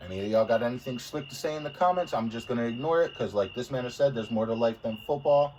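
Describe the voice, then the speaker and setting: A man's voice: mid-range voice, fast, a little mellow. Joking podcast co-host, a man. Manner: joking, blunt, swears casually. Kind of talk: casual sports podcast chat. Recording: distant mic with faint background noise.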